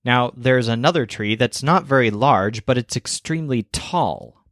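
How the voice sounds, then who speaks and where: A man narrating a scripted language lesson, explaining clearly and slowing down for example phrases. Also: mid-range voice, animated, fairly bright tone, no room sound, studio quality. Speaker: language teacher.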